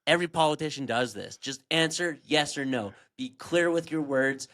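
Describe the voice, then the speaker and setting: A man's voice: fairly high pitch, moderate pace, fairly bright tone. A man co-hosting a podcast in casual chat, blunt and swearing as he gets fired up. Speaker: podcast co-host.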